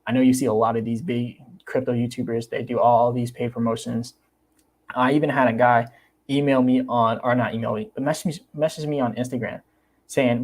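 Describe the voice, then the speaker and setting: A man's voice: medium pitch, fairly even intonation, brisk. A young man chatting casually on his livestream about crypto. He talks animatedly, repeats himself and acts out the people he quotes. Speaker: crypto YouTuber.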